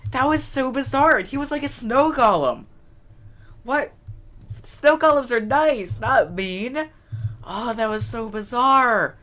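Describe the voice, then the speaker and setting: A man's voice: high-pitched, sharp tone. A man hosting a game video, chatting and thinking aloud, often exclaiming in surprise. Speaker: let's play host. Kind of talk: gameplay commentary.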